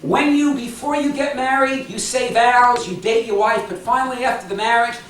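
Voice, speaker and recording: A woman's voice: fairly high pitch, fairly even intonation, moderate pace, a little hiss or hum. A woman preaching a sermon with passion, repeating her phrases and laughing between points. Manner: impassioned, repetitive, laughing asides. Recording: echoey hall from far off.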